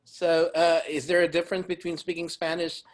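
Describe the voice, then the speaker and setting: A man's voice: on the high side, little pitch movement, a little fast. A man hosting a casual interview, asking questions with frequent laughs and restarts. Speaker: podcast host.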